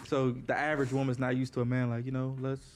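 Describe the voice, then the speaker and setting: A man gives a rambling, slangy interview answer in casual chat, filling his talk with "like" and "you know". His pitch sits mid-range, and there is faint noise in the background. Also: level tone, brisk. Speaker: interview guest.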